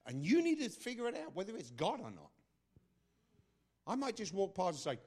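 Forceful older preacher man. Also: wildly swooping pitch, normal speed, long pauses, slightly rough. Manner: forceful, swings between loud bursts and low asides. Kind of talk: sermon.

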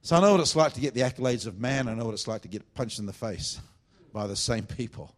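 An expressive, fast-talking revival preacher addresses a church meeting, his voice at an ordinary middle pitch. His sermon lurches between loud, fervent bursts and low, confiding remarks.

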